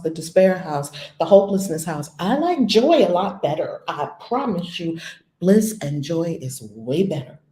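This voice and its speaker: A woman giving a spiritual lesson as a teacher, blunt and animated, swearing casually. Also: lowish voice. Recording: echoey room.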